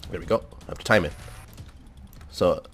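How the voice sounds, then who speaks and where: A young man giving casual, excitable commentary over his own gameplay, swearing, laughing and repeating himself. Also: sits low, moderate pace, slight background noise. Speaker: gaming commentator. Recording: faint background music.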